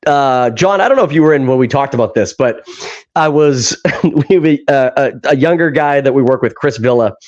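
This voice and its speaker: A man's voice: mid-range voice, fairly quick, darkish tone, highs cut off. A man co-hosting a casual podcast chat. He laughs a lot, swears freely and acts out movie scenes as he retells them. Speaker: podcast co-host.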